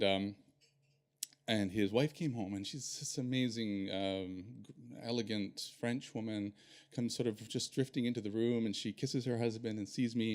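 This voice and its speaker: A man telling a personal story on stage in an animated, self-deprecating way. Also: medium pitch.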